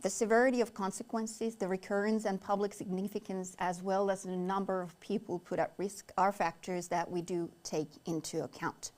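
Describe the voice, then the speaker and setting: A woman from Finland, a native Finnish speaker, presenting a safety investigation at a formal briefing, measured and pausing on fillers. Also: medium pitch, steady tone, a little mellow. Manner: measured, with frequent filler pauses. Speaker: head of communications presenting an investigation.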